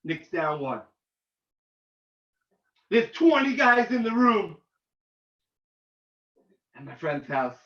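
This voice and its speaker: A man, a rabbi, giving an animated informal talk to students, getting loud and excited as he tells a story. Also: sits high, slow pace, long pauses. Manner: excitable, shouts and cracks when reliving a game. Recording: roomy, distant, dull lo-fi sound.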